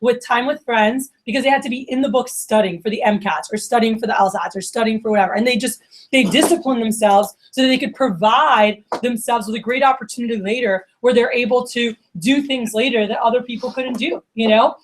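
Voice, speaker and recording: Chatty woman, fairly high voice. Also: brisk, slight background noise. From Miami. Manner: casual and chatty, lots of "like" and "you know", acts out quoted friends. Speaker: division leader giving opening remarks. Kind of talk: motivational talk to a team.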